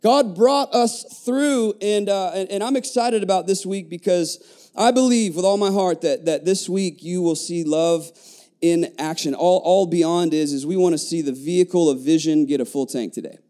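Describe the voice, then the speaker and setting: A man's voice: on the high side, moderate pace. A middle-aged man from the United States, preaching a sermon in a church and stopping to restart his phrases. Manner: animated preaching with repeated restarts and call-and-response asides. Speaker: pastor. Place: church sanctuary.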